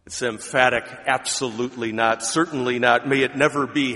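A man's voice: mid-range voice, lively intonation, a little fast, hardly any pauses. Emphatic male preacher in a reverberant hall. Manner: emphatic, dramatic swings between loud declarations and quiet asides. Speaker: pastor. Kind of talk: sermon.

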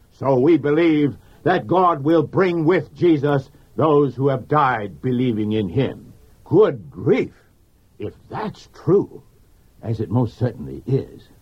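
A man's voice: on the high side, breathy edge. A man preaching a sermon on grief, speaking earnestly and directly to the listener like a pastor. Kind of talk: radio sermon. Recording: dull lo-fi recording.

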